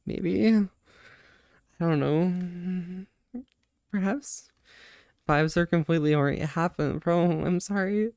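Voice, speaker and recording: A man's voice: high-pitched, takes it slowly, pauses often, darkish tone, clean tone, no room sound. Male streamer, casual and flirty, laughs a lot, stammers, dry close sound. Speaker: livestream host. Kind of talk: casual live-stream chat.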